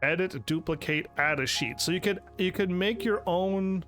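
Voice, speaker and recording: This is a man talking over his own gameplay, his voice sitting a little high for a man. He swings between reading menu text aloud and sarcastic, excited asides to his viewers. Soft game music plays faintly behind him. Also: normal speed. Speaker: gaming channel host. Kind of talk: let's play commentary.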